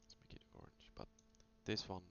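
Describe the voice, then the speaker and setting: A man casually talking through chart trades in a screen-recorded review, thinking aloud with many fillers. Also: moderate pace. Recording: dull lo-fi sound with faint hum.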